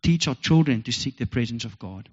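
An earnest South African pastor preaches a heartfelt sermon in an animated, a little fast, husky medium-pitched voice, circling back to the same phrases. A long reverb fills the church hall, and the recording is dull and lo-fi.

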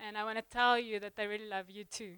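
A young woman giving a sermon in a church, chatty and halting, full of ums and restarts. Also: medium pitch, steady tone, fairly bright tone, clean tone, no room sound. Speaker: guest preacher. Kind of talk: sermon opening, casual warm address.

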